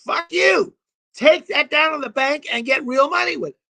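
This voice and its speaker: A man's voice: very high-pitched, normal speed, gravelly, bright, forceful tone, voice pushed up, heavily acted. A man voicing a furious wife who screams and swears at her husband. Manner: shrieking, swearing, scolding.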